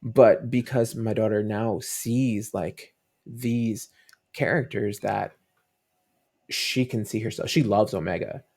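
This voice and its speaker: Gravelly-voiced dad telling stories. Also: male voice, lowish voice, fairly even intonation, takes it slowly, darkish tone. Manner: rambling storytelling with many fillers and restarts. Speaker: podcast guest. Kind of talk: casual interview chat.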